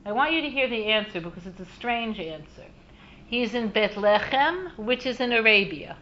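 Woman teaching, Torah lesson, lively storyteller, fairly high voice, dull lo-fi sound. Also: normal speed, a little hiss or hum. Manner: animated storyteller with frequent asides.

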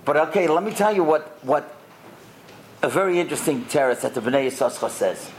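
A man teaching a lesson to boys and adults, telling stories with lively acted-out quotes and asking the listeners questions. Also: fairly high pitch, a little fast, a little hiss or hum. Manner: lively, acts out the quoted characters, quizzes the listeners. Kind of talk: animated storytelling lesson with questions to the audience.

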